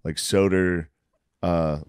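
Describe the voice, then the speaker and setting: A man's voice: deep voice, slow, clear, resonant tone, dry recording, studio quality. A man, a comedian, telling a story in casual podcast chat and acting out the quotes. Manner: animated, laughing, acts out quotes.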